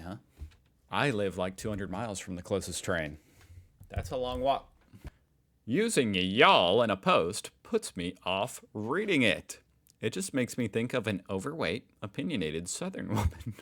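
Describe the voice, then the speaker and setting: A man's voice: lowish voice, gravelly, fairly bright tone. An American man hosting a reaction video, reading posts aloud and reacting in a chatty, joking way. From United States. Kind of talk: casual reaction commentary.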